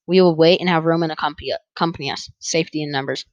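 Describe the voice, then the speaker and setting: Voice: medium pitch, steady tone, rapid-fire, no room sound, highs cut off, close to an everyday voice. A reader voicing El Cid, a stern old stallion. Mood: firm. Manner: formal, old-fashioned phrasing.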